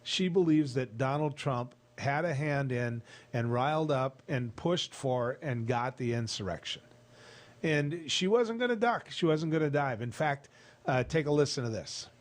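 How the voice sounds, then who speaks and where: Male radio host, mid-pitched, loose and talky commentary with lots of fillers. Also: animated, measured pace. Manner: conversational, explains step by step, frequent "uh". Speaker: radio talk show host. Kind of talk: opinion commentary.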